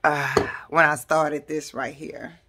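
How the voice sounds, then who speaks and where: A chatty woman in her forties with a low voice talks casually to her viewers at home. She keeps calling them y'all and girl as she goes. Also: little pitch movement, takes it slowly, sharp tone, slightly rough. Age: 40s. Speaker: lifestyle vlogger. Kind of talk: casual chat to camera. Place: at home, decorating a room.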